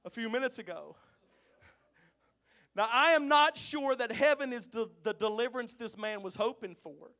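A man preaching in a church, with a very high, bright, ringing voice. He tells folksy stories quietly, then breaks into loud, stretched-out shouts. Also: expressive. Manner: swings from quiet storytelling to shouted, drawn-out exclamations. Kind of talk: sermon.

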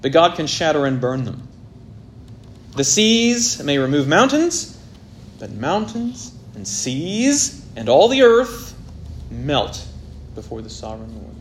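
A man preaching an expository sermon, swelling loud on key points and dropping very soft, with faint noise behind him. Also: fairly high pitch, big pitch swings, slow.

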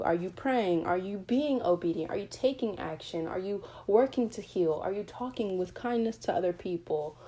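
Mellow-voiced woman podcaster. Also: on the low side, expressive, normal speed, few pauses. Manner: earnest, candid, conversational. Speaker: podcast host. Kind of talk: motivational faith podcast.

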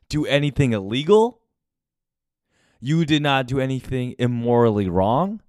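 A man's voice: medium pitch, lively intonation, unhurried, pauses often, darkish tone, clean tone, dry recording, studio quality. Candid, cursing young man on a podcast. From United States. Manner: candid and confessional, swears often. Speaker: podcast host. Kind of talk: casual podcast monologue.

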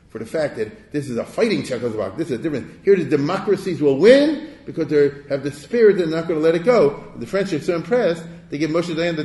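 A man's voice: on the high side, a little mellow. An older man giving an informal history lecture, chatty and rhetorical, often checking that listeners follow. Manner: chatty, rhetorical, keeps checking "you understand?". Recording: roomy echoey room.

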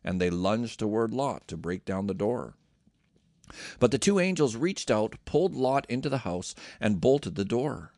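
A man reads scripture aloud with a steady, measured delivery. His voice has a gravelly edge. The recording is dry and close. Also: lowish voice, no room sound. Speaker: scripture reader.

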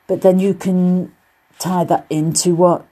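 A British woman, a podcast host and quilting teacher, runs a casual solo show about quilting, chatting encouragingly with loose, rambling asides. Her voice is on the low side and mellow, with a flat delivery at a measured pace.

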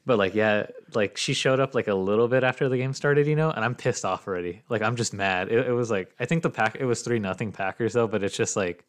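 A young man with a slightly low voice talks through a sports story in a loose, chatty way. He acts out the other people's lines as he tells it. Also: fast talker, hardly any pauses. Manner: animated storytelling, acts out quotes. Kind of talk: casual sports chat.

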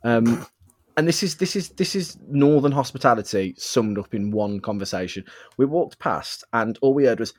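A man co-hosting a podcast, recorded dry and close on a webcam mic. He talks at a middle pitch. His anecdotes are animated and full of laughter. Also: normal speed, dry recording. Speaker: podcast co-host. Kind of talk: casual podcast chat.

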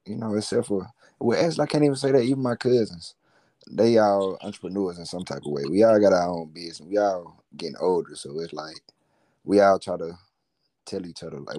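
Homem de voz bem grave, descontraído. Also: male voice, sits low, dark tone. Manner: laid-back, rambling, slangy. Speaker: guest, musician and entrepreneur. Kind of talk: casual interview chat.

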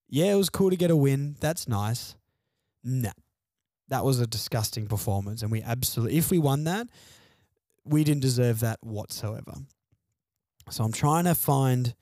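A man's voice: medium pitch, dark tone, no room sound, clean studio sound. A man hosting a fan podcast alone, venting frustrated, sardonic opinions about his team's loss. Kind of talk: solo sports podcast rant.

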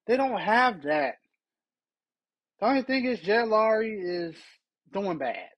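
A man's voice: high voice, very animated, takes it slowly, highs cut off. A man hosting a solo sports podcast, ranting with exasperated rhetorical questions. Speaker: podcast host.

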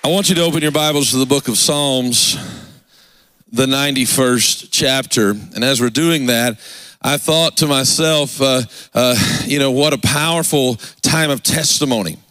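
A man's voice: mid-range voice, normal speed, bright, forceful tone, no echo, some chatter behind. A man preaching a fervent revival sermon in a church, with call-and-response asides to the congregation. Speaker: pastor. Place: church sanctuary.

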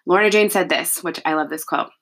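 A woman's voice: on the low side, fairly quick, a bit bright. A woman co-hosting a podcast, retelling stories in casual chat with lots of "like" fillers. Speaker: podcast co-host.

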